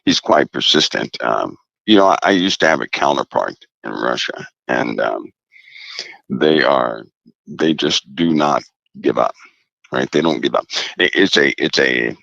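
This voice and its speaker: A man speaking as a guest commentator in a casual interview, deliberate and emphatic, repeating key phrases. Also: rumbling low, expressive, gravelly, bright, forceful tone, dry recording, highs cut off.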